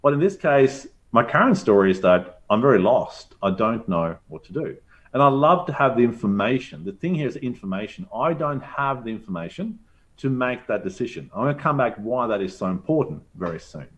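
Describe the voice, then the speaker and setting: Lively man leading a teachers' workshop. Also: medium pitch, brisk. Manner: animated, acts out inner thoughts in quoted asides.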